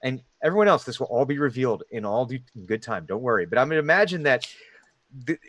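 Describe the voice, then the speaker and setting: A man runs a tabletop game and narrates the scene in a loose, rambling way. His voice is mid-pitched and sits in a dry, close recording. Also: animated, quick pace, fairly bright tone, no room sound. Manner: rambling, with many fillers. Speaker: game master.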